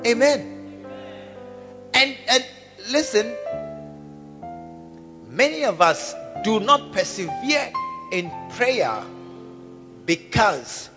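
A man's voice: very high voice, big pitch swings, drawn-out words, pauses often. A man preaching a sermon in a church hall, acting out phone calls and prayers. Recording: music and long hall reverb.

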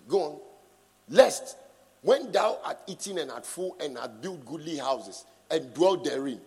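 A middle-aged man preaching a sermon and reading scripture, emphatic, swinging from soft asides to shouts, prompting the congregation to answer. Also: a little high, big pitch swings, measured pace, slightly rough. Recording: long reverb in a large hall.

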